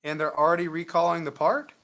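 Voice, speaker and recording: A man's voice: a little high, steady tone, fast talker, a bit bright. A man hosting a show, chatting casually and coaching viewers while he makes live phone calls, upbeat and sympathetic. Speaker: real estate investor and show host.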